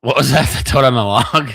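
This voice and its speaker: Joking American man, very lively pitch. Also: creaky, husky. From United States. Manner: joking, rambling, laughs a lot. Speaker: podcast co-host. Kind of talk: casual chat.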